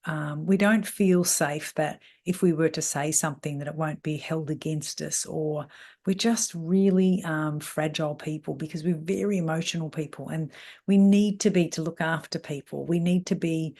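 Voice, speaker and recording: A middle-aged woman, talking as a salon mentor in an animated way. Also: sits low, normal speed. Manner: animated, mimics voices when quoting people. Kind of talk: talk on salon team issues.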